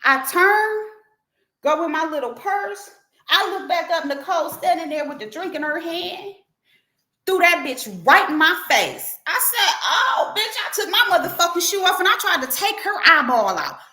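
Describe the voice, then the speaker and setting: A middle-aged woman hosting a livestream tells a story in a casual way, animated and profane, acting out the quotes as she goes. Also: extremely high pitch, normal speed, roomy sound. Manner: animated, profane, acts out quotes in her telling. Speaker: livestream host.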